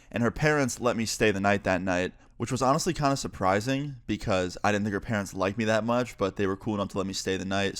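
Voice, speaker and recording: A young man and YouTuber telling a story in an animated, profane, excitable way. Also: on the low side, no echo, clean studio sound. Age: young adult. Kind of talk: storytime vlog.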